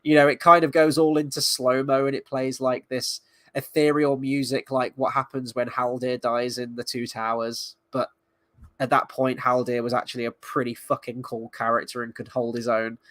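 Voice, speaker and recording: A man's voice: medium pitch, flat delivery, normal speed, fairly bright tone, no room sound. Sardonic, sweary man in a dry room. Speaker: show reviewer. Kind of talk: casual spoken review.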